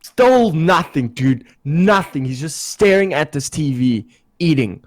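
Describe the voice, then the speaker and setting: A young man co-hosting a podcast, telling stories in a casual, animated way and swearing freely. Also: a little high, unhurried. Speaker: podcast co-host. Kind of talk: casual storytelling.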